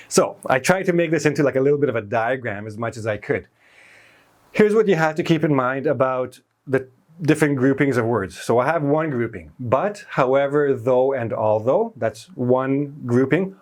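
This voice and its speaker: A man teaching a grammar lesson in a calm, mid-pitched voice. He explains patiently, restates each idea in new words and checks in with the listener often. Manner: patient, repeats and rephrases points, checks in with "right?". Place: in Canada.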